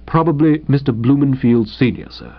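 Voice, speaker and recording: A man voicing an unflappable, deferential male valet who speaks softly and smoothly. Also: mid-range voice, moderate pace, close to an everyday voice. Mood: suave. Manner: soft, unruffled and deferential. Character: suave, imperturbable middle-aged male valet. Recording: dull lo-fi audio.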